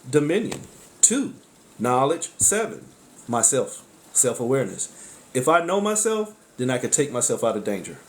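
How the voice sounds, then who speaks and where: A man at an ordinary middle pitch talks through a tarot reading in a loose, preachy monologue. He is blunt and profane. He keeps breaking in with high exclamations and then drops into low muttered asides. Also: big pitch swings, moderate pace, a little hiss or hum. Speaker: tarot reader. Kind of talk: casual spiritual monologue.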